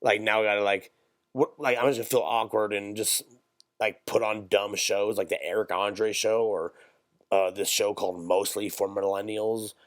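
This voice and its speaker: A man's voice: lowish voice, dry recording, studio quality. A young man chatting casually on a podcast, telling rambling, profane stories with jokes. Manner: profane, rambling, jokey, quick bursts. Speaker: podcast co-host. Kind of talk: casual chat, storytelling.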